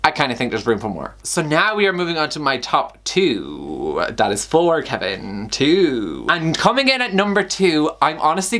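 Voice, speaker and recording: A man's voice: on the high side, pushed and bright. A young man hosting a casual book review vlog, gushing and effusive in a chatty way, often sighing. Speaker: book vlogger.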